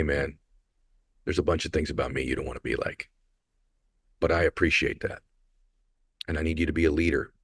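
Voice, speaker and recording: A man's voice: a bass voice, breathy edge, no room sound, clean studio sound. A middle-aged man hosting a solo podcast, telling a personal story in a heartfelt, motivational way, audibly emotional. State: emotional, choked up. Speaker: podcast host.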